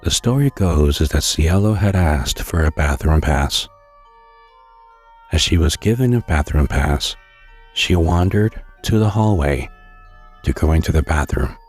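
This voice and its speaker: A man narrating a scary story in a slow, hushed storytelling manner, with occasional stumbles. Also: extremely low pitch, animated, breathy edge, faint music behind.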